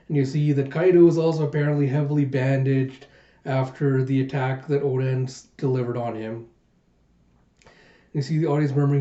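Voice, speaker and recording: A man's voice: mid-range voice, fairly even intonation, normal speed, mellow. A man hosting a manga reaction, retelling the chapter in a loose, rambling way, in a muffled echoey room recording. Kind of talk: casual recap narration.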